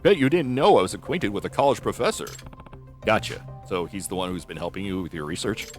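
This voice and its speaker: A man reading the lines of a young male detective in a game, in a relaxed and plain manner close to his own voice. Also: on the low side, fast, over music, close to an everyday voice. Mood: curious.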